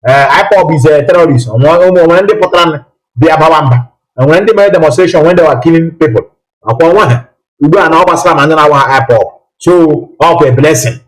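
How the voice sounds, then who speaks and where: A man's voice: fairly high pitch, fairly quick, rough recording. A man hosting a live political call-in broadcast, talking emphatically with repeated rhetorical questions.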